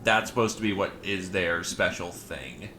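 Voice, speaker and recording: A man's voice: sits low, normal speed, background noise. A male streamer giving casual commentary on a strategy game, rambling and correcting himself with lots of fillers.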